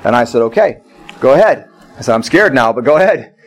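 A man's voice: mid-range voice, animated, fast talker, rough recording. A middle-aged male pastor preaching a sermon, repeating phrases and telling personal stories.

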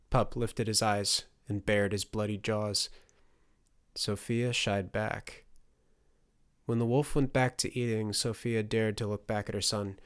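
A man narrating a fantasy audiobook in a steady storytelling delivery. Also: fairly low pitch, measured pace, clean tone.

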